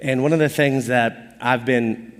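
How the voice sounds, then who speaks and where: A man preaching a sermon as pastor, telling personal stories in an animated, conversational, self-deprecating way. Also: medium pitch, a little slow. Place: church auditorium stage. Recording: long hall reverb.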